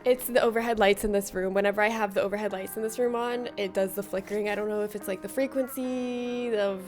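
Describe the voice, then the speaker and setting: A woman's voice: mid-range voice, fairly even intonation, fast talker, darkish tone, soft background music. A woman hosting a casual livestream from a room at home, reading out viewer comments in a playful, teasing way and laughing often. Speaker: livestream host.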